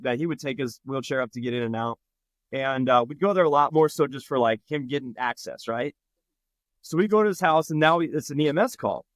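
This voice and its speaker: A man's voice: medium pitch, no room sound. A man from Nebraska, a firefighter guest, telling a story in casual chat and acting out the people in it. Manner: animated, acts out quoted voices.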